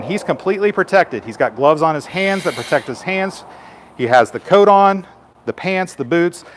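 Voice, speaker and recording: A fairly high-voiced man, a firefighter, walks children through his gear in a patient, simple way. His explanations are friendly and plain, and a faint hum of background noise sits behind him. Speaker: firefighter giving a station tour. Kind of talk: live demonstration for children.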